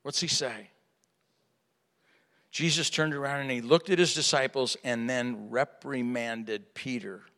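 A man preaching a sermon to a live audience, asking rhetorical questions and swinging from hushed to loud. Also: medium pitch, fairly even intonation, unhurried. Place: large hall with an audience. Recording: reverberant hall.

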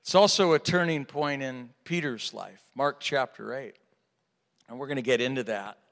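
A middle-aged man preaching a sermon as pastor, telling personal stories with animated delivery and acting out the dialogue. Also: medium pitch, normal speed, creaky. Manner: animated storytelling, acts out dialogue. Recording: long hall reverb.

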